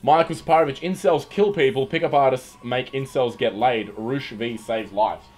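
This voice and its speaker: A man's voice: medium pitch, normal speed, a little mellow. Rambling young Australian man streaming. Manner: rambling, joking, with frequent fillers and restarts. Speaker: livestream host. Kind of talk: casual livestream chat reading viewer comments. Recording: faint music behind. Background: faint background music.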